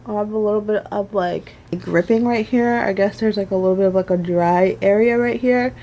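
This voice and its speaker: A woman's voice: mid-range voice, fairly quick. Chatty young woman, rambling vlog talk. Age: 20s. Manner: chatty and rambling, many "like"s and soft laughs. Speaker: beauty vlogger. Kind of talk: casual makeup wear-test chat.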